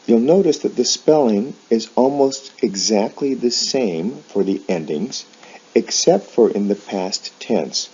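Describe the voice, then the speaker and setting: Deep-voiced male teacher, slow careful diction, husky, muffled lo-fi recording. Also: mellow. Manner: slow, careful enunciation of example words. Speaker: English teacher. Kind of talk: slow explanatory pronunciation lesson. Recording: dull lo-fi sound.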